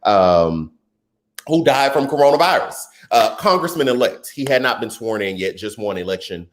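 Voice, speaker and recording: A man hosting a live stream, reading viewers' comments and giving casual political commentary in an animated, excitable way that jumps into a high voice. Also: normal speed.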